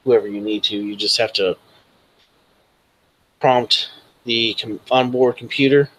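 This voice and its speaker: A helpful man from the future, played by a game master explains gadgets in a plain, patient voice. The pitch sits mid-range and steady. He is a figure in a tabletop game. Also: unhurried, low-quality recording. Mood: explaining. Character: helpful future scientist man, matter-of-fact.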